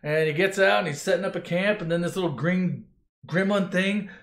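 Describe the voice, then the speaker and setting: A man's voice: sits high, a little fast. A man doing a comedic, profane retelling of a movie in a rambling, sarcastic way. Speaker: narrator. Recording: echoey room.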